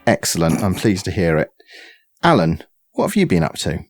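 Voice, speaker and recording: A man hosting a casual tech podcast, upbeat with quick interjections. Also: low-pitched, very animated, faint music behind. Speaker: podcast host.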